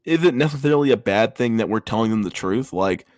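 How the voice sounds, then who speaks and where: A man's voice: lowish voice, expressive, quick pace, darkish tone, dry recording. A man hosting a casual livestream, reacting to memes with crude slang-heavy banter. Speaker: livestream host.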